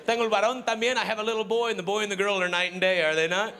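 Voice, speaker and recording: A middle-aged man doing stand-up comedy, animated and dropping Spanish phrases into English, swinging from shouts to a hush. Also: sits high, rapid-fire. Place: comedy stage before live audience. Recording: live club, crowd laughter and noise.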